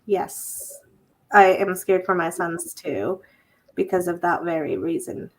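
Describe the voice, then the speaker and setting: A woman's voice: fairly low pitch, sing-song. Hesitant woman hosting a livestream. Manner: hesitant, many filler pauses. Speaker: host. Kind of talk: casual livestream panel chat.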